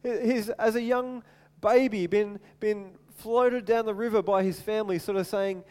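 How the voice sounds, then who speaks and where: A man preaching a sermon as animated storytelling, acting out voices and often repeating words, in a large hall with long reverb. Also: sits high, moderate pace, clear, resonant tone.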